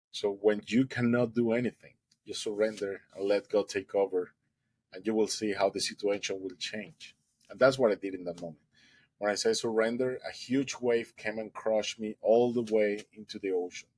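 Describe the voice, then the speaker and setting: A man's voice: lowish voice, fairly even intonation, moderate pace, darkish tone, husky, no room sound, rough recording. A man, a guest in an interview, telling a story animatedly and acting out its dialogue.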